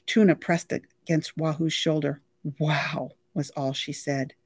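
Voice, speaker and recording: A library reader reading a novel aloud with lively, expressive storytelling. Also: mid-range voice, unhurried, no room sound.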